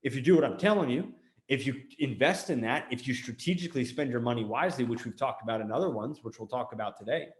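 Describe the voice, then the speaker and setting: An American man delivers a blunt motivational business talk as host, hammering his points home by repeating them. His voice sits at an ordinary middle pitch. The room around him rings with a noticeable echo. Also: quick pace. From United States. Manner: blunt, emphatic, repeats himself for emphasis.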